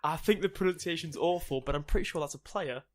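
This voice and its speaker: A man's voice: on the high side, fast. A man co-hosting a casual podcast and chatting with a teasing, dry sense of humour. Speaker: podcast co-host.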